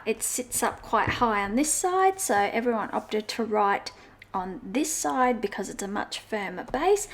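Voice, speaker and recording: A woman chatting casually while decorating a journal, meandering through her thoughts with fillers and self-corrections in a sing-song way. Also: on the high side. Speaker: journaling vlogger. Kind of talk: casual crafting chat.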